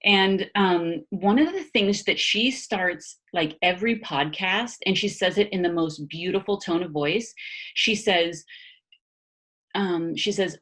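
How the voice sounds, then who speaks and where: A low-voiced woman talks casually as a body-mind therapist guest. Her delivery is animated, with frequent laughter, fillers and restarts, and she sounds like she is on a video call. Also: unhurried. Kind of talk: casual conversational explanation.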